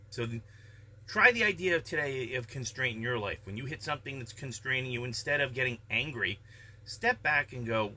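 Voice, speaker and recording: A man talks through his daily vlog with a calm, measured delivery, reflecting aloud as he gives life advice. His voice is very bright and sharp, pitched in an ordinary middle range for a man. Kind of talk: casual daily vlog monologue.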